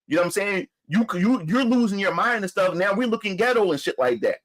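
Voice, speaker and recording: Animated, high-pitched man telling a heated story. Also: fairly quick, hardly any pauses, low-quality recording. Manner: heated, profane, animated retelling with many restarts. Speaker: channel host. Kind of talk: casual storytelling.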